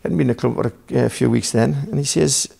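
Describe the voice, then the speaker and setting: Geordie man, guest on a podcast, gravelly voice, rambling, profane storyteller who quotes both sides of a row. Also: medium pitch, fast talker, mellow. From Newcastle, England. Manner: rambling, swearing, acts out dialogue. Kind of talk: casual storytelling.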